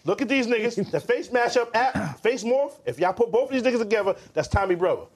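A young man in casual podcast chat, slangy and animated, laughing often. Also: high-pitched, fast.

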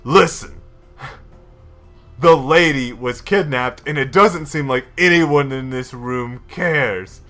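A man's voice: medium pitch, slow pace, pushed and bright, faint music behind. A man playing a stern, insistent justicar. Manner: insistent, formal, blunt. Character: stern, earnest male justicar investigator.

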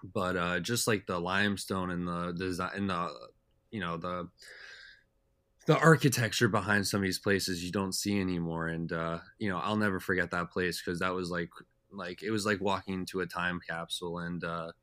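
Deep-voiced rambling young man. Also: steady tone, moderate pace, pushed and bright, no room sound. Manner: rambling, heavy with "like" and "uh" fillers. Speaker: podcast guest. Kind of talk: casual storytelling chat.

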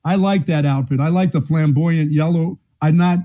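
Teasing radio co-host guy, mellow warm voice, mock outrage. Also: a little high, normal speed, lo-fi sound. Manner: wry, teasing, mock-offended. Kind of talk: sports talk radio banter.

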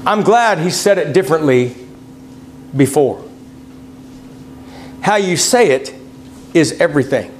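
A man's voice: on the high side, animated, unhurried, long pauses, slight background noise. A male preacher giving a conversational sermon in church, addressing the congregation as folks and reading scripture aloud. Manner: folksy, conversational, quotes scripture in King James wording.

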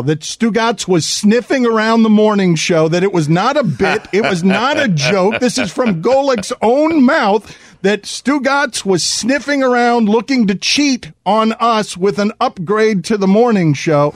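A man's voice: high voice, animated, a little slow, dry recording, clean studio sound. A man hosting a sports radio show, teasing his co-hosts in comic banter. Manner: mocking, theatrical teasing.

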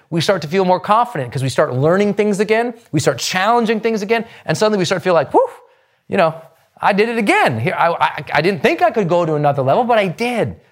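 A man giving a motivational lesson on confidence, with an emphatic, rising and falling delivery. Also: a little high. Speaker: motivational coach. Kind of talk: motivational teaching monologue.

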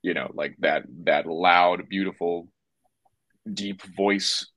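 A man's voice: sits low, steady tone, slow, fairly bright tone, no echo. A man talking as a puppeteer guest in a casual interview, rambling with lots of fillers and restarts.

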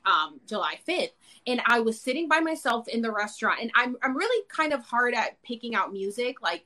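A woman hosting a live chat, telling an excited, rambling story full of "like" and "you know". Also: a little high. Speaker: podcast host. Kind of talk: casual live-stream chat.

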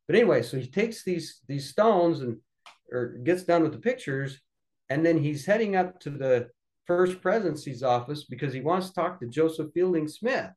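A middle-aged man who is a podcast guest, telling family anecdotes casually and lively, acting out other people's voices along the way. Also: a little high, normal speed, rough recording. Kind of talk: casual storytelling.

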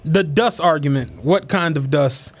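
A man's voice: a little high, unhurried. Laughing man telling stories. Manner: animated storyteller, laughs often, profane. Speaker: podcast host. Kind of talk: casual chat.

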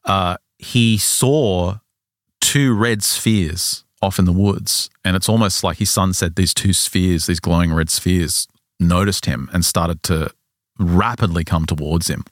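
Low-voiced man telling a story. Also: takes it slowly, no room sound, clean studio sound. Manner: animated, acts out the characters' lines. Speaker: podcast host and storyteller. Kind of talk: casual storytelling.

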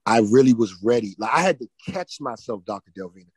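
Husky guy telling his story on a podcast, keeps restarting words, gets loud then quiet, dry room. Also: medium pitch, lively intonation, a little fast, no room sound, low-quality recording. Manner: stammering restarts, repeating words; swings between loud and hushed. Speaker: podcast guest. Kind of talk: emotional personal testimony.

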